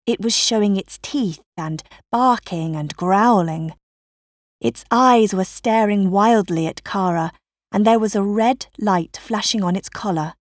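A woman reading a children's story aloud in a slow, careful narrating voice. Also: medium pitch, no room sound, clean studio sound.

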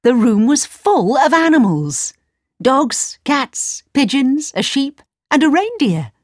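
A woman narrating a storybook in slow, clear, simple sentences. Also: sits high, big pitch swings, no echo.

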